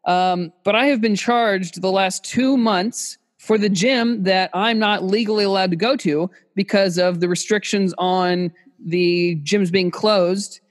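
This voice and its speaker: A man's voice: sits high, fairly even intonation, a little slow, few pauses, in a large hall. A man co-hosting a comedy podcast, ranting in exaggerated anger over a video call. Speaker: podcast co-host. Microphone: remote video call.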